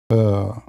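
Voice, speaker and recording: A man's voice: fairly low pitch, creaky, warm tone, no echo, studio quality. A man giving a casual, mocking monologue on religion in broken English, sarcastic throughout. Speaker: religion commentator.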